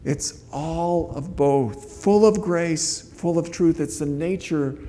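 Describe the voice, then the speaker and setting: A man's voice: on the high side, slow, dark tone, long reverb tail, slight background noise. A man preaching a sermon as a pastor, earnest and conversational, often restarting his phrases.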